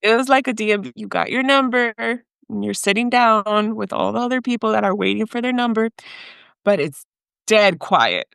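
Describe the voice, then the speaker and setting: A young adult woman from Mexico, a podcast guest telling her own story in a lively way with frequent laughter, dropping Spanish words into her English. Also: mid-range voice, moderate pace, creaky, clear, resonant tone, no room sound. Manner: animated, laughs often, mixes in Spanish. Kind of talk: storytelling in an interview.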